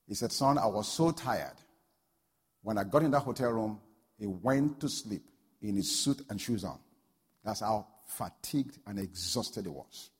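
A man preaching a sermon, telling a story and building to loud, fervent peaks. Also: fairly low pitch, animated, measured pace, slightly rough. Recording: long hall reverb.

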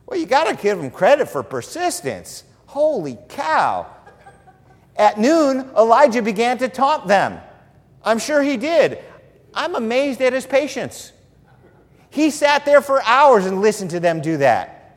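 Animated, joking male preacher in a hall. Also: sits high, normal speed. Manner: animated, humorous storytelling preacher. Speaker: pastor. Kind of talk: sermon.

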